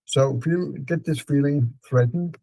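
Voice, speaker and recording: A man with a Danish accent calmly guiding a client through a therapy session, repeating prompts slowly. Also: on the high side, gravelly, no room sound, low-quality recording. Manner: calm, repetitive prompting with fillers.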